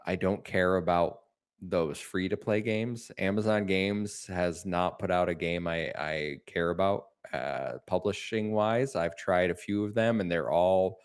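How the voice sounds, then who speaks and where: A man's voice: low voice, unhurried, smooth. A man hosting a gaming podcast, casual and blunt, giving frank opinions with a joking edge. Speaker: podcast host. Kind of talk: casual chat.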